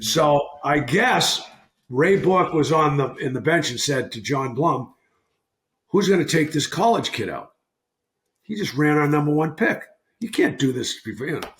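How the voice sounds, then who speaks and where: Older male podcast guest, slightly high voice, animated self-correcting storyteller, roomy sound. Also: normal speed. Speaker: podcast guest, former hockey player. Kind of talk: casual storytelling. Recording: roomy echo.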